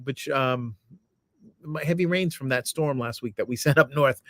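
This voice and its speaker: A man's voice: medium pitch, moderate pace, fairly bright tone, dry recording. A man co-hosting a casual podcast with his wife, riffing and joking along in crude, playful banter. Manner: jokey, playful, eager to riff along. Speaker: podcast co-host.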